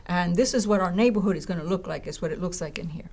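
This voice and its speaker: A woman's voice: fairly low pitch, quick pace. A woman college educator telling a story in conversation, acting out voices and often checking in with "right?" and "you know.". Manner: animated, acts out voices in her stories.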